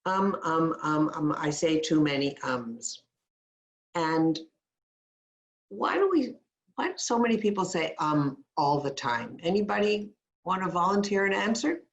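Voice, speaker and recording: A woman's voice: sits low, expressive, measured pace, lo-fi sound. A woman coaching a webinar on a video call, demonstrating speech sounds and sentence stress and asking attendees questions. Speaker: communication coach. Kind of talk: webinar teaching.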